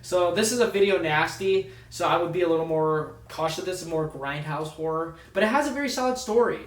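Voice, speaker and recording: A man's voice: on the high side, expressive, brisk. A man talks through a horror movie review in a loose, rambling manner, stopping and restarting his sentences often. His voice sits a touch above the typical male range. The sound is roomy and echoey, as if the mic is well away from him. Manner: rambling, lots of ums and restarts. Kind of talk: casual movie review vlog. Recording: echoey room, distant mic.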